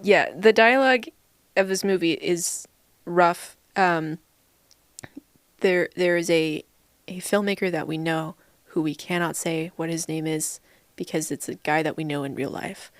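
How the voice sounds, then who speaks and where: A lower-pitched woman chatting casually as a podcast co-host. She laughs a lot and mocks the movie with playful relish. Her voice sounds close and dry, with no room around it. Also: steady tone, a little slow, dry recording. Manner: laughs often, mocking and playful. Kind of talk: casual movie review chat.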